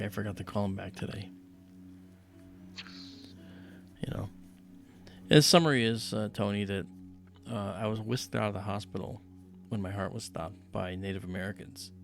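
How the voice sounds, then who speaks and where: A man's voice: fairly low pitch, brisk, vocal fry, soft background music. A man hosting a livestream, telling a personal story casually and animatedly, acting out the voices of people in it. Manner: animated retelling, acts out quoted voices. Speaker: livestream host.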